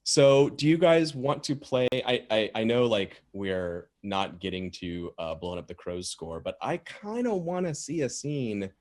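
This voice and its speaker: A man's voice: medium pitch, measured pace, few pauses. A man running a tabletop game, chatting casually with fillers. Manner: relaxed, rambling, frequent fillers.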